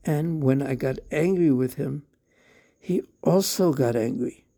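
Give me a man playing a mischievous little boy, pleading and clever, with a dark gravelly voice in a told story. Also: on the high side, unhurried. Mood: tattling.

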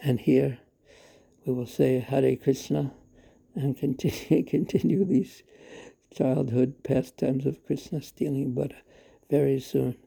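A man narrating a devotional story in a slow, measured, devout manner. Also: mid-range voice, flat delivery, gravelly, dark tone, slightly rough.

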